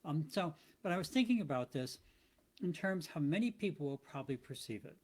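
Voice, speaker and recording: A man's voice: fairly high pitch, expressive, brisk. Thoughtful man musing in a rambling monologue. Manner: thoughtful, rambling, with frequent restarts. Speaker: motivational podcast host. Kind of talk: casual reflective monologue.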